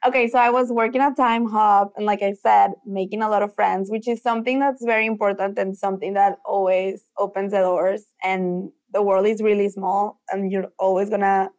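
A young woman from Mexico who speaks Spanish natively, a guest telling stories in a casual interview, animated and acting out the quotes. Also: mid-range voice, moderate pace, hardly any pauses. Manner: animated, acts out quotes, filler "like". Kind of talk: casual storytelling in conversation.

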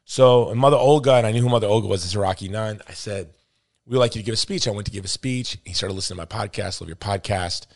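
A middle-aged man hosting a podcast races through a story in casual chat, his voice on the low side. He's animated, acting out the voices of people he quotes and calling folks "dude" and "brother." The sound is studio quality with no echo.

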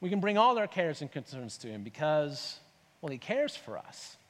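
Slightly high and fairly bright, this pastor's voice swings widely in pitch at a moderate pace, followed by a long reverb tail. His sermon is conversational, full of rhetorical questions and acted-out voices.

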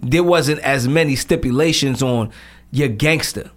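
A man's voice: mid-range voice, a little slow. A man co-hosting a casual podcast, brash, profane and joking. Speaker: podcast co-host. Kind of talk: casual chat.

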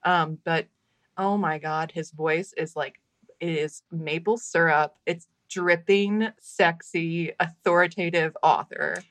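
A woman's voice: on the low side, steady tone, takes it slowly, a bit bright, no room sound. A woman hosting a podcast in a casual chat, supportive and laughing easily, sometimes swearing. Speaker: podcast host.

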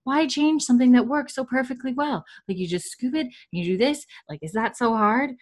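A woman quoting a stiff, offended British husband in her own fairly low voice, with a dry, clipped delivery. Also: brisk. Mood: indignant.

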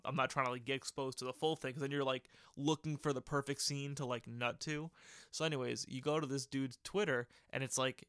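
A man's voice: medium pitch, a bit bright, smooth, no room sound, clean studio sound. A young man hosting a casual solo podcast from his old bedroom, rambling and joking crudely and laughing at his own stories. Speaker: podcast host.

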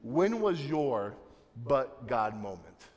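A young man preaching a sermon, swinging from soft, low passages to loud, emphatic ones. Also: big pitch swings, slow pace. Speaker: pastor. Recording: long reverb of a large hall.

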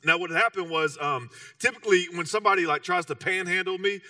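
Chatty Texan preacher, bright dry voice. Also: male voice, sits high, quick pace, no echo, recorded from a distance. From Texas. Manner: conversational, self-mocking, lots of "you know". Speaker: pastor. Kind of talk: sermon storytelling.

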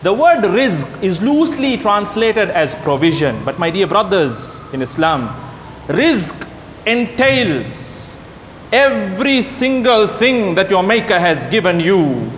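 A man delivers a sermon in a high, animated voice that climbs and falls as he tells stories and briefly acts out the people in them. He sounds far-off in a roomy hall with a long, ringing echo. A faint rumble sits under the recording. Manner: animated storytelling, voices the characters in anecdotes. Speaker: preacher.

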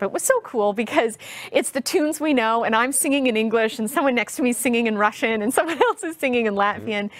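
A woman guest in her thirties, telling a personal story in an interview, earnest and heartfelt, speaking slowly and deliberately. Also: on the high side, dry recording.

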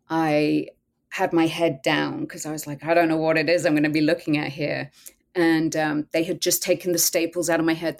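A woman's voice: low voice, vocal fry, darkish tone. A woman guest telling a personal story in a podcast interview, earnest and candid, often quoting her own thoughts.

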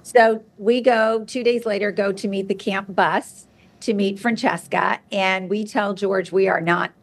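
Woman guest on a talk show, chatty, telling a funny story, mid-pitched voice. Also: measured pace, gravelly. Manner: lively anecdote telling, chatty. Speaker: guest, television producer. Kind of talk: interview storytelling.

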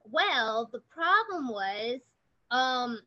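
A woman's voice: fairly high pitch, sing-song, drawn-out words, bright, forceful tone, muffled recording. A woman in her thirties, a guest telling her story in a rambling, chatty way with many fillers. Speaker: guest, online preschool owner. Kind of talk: casual interview chat.

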